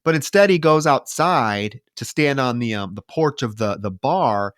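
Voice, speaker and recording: A man's voice: medium pitch, animated, measured pace, no room sound, clean studio sound. A man co-hosting a podcast, griping about a film in casual, profane chat and mocking its scenes. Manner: exasperated, profane, mocking retellings. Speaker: podcast co-host. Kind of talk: casual movie-review chat.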